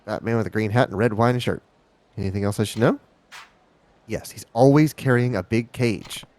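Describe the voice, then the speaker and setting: A man's voice: on the low side, moderate pace, darkish tone. A man streaming a game live, reading the characters' lines aloud and sometimes stumbling over words.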